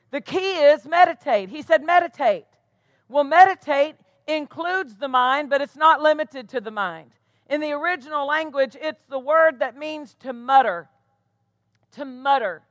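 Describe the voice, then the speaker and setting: In a high, bright voice, a woman pastor preaches a sermon with emphasis, repeatedly putting rhetorical questions to her listeners. The recording is close and dry.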